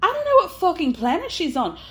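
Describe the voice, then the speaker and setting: A woman's voice: extremely high pitch, wildly swooping pitch, fast, fairly bright tone, pitched above the performer's own voice, heavily acted. A woman putting on a vague accent to voice an exasperated woman ranting in disbelief. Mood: incredulous. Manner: incredulous, ranting. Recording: roomy echo.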